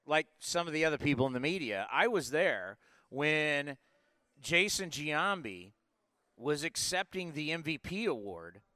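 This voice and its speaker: A sports podcast host in his forties runs a casual live show with a bright, forceful voice that stays smooth and crisp, pitched a bit high for a man. He's very animated yet talks a little slowly, rambling through plenty of asides, and the audio has no echo.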